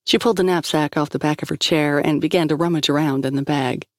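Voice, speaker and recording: A woman narrating a story in an even scripted storytelling voice, recorded close on a studio mic. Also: sits low, fast, no room sound. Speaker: audiobook narrator.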